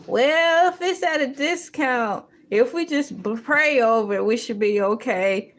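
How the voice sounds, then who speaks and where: Hosting a morning livestream, a high-pitched woman chats casually and jokes around, speaking slowly and breaking into sung bits and laughter. There's a little hiss or hum in the recording.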